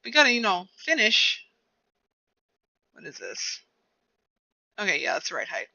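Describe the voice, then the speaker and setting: A woman's voice: mid-range voice, huge pitch swings, measured pace, vocal fry, pushed and bright. A young woman streamer chatting casually and rambling to herself while she plays a game. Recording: dull lo-fi recording.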